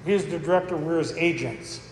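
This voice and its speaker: A man's voice: fairly high pitch, fairly quick, a little hiss or hum. A man telling personal stories to an audience at a recovery gathering, candid and jokey, often laughing as he talks. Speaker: speaker at a recovery roundup. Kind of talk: personal storytelling talk to an audience. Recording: echoey hall with long reverb.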